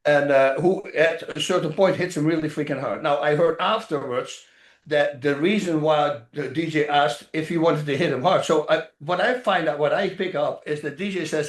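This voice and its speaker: An animated man tells rambling stories as an interview guest, slipping into other people's voices as he goes. His voice sits a little high for a man. The recording carries a noticeable roomy echo. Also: moderate pace. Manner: animated, rambling anecdotes, acts out other people's lines, laughs often. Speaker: actor and former fighter, interview guest. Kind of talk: casual interview storytelling. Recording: roomy echoey sound.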